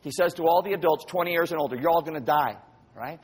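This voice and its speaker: A man preaching a sermon in a church, animated and acting out the voices of people in the story. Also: fairly high pitch, fast talker, slightly rough. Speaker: pastor.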